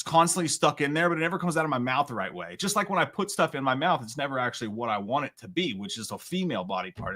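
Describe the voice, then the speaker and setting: A man in his thirties hosts a solo livestream from home, reading viewer comments aloud as he chats. He rambles and pokes fun at himself, swinging between loud outbursts and quiet asides. He talks fast and animatedly in a middle-pitched voice that comes across bright and forceful.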